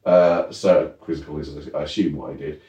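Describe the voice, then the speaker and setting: A man's voice: very deep voice, steady tone, normal speed, mellow, echoey room, far from the mic, dull audio. A man co-hosting a podcast, dry and self-deprecating in casual chat. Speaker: podcast co-host.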